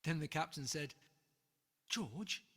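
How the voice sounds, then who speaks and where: An author reading their own rhyming picture book aloud in a lively, rhythmic way. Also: medium pitch, slow, breathy edge. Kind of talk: rhyming storybook read-aloud. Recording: long reverb, faint music behind.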